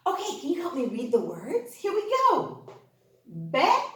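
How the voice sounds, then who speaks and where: A woman leads young children through phonics in a slow, sing-song teacher voice. Her pitch sits a little high and leaps all over the place as she cheers them on. The room around her is echoey. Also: sing-song. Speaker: kindergarten teacher. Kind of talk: online class for young children.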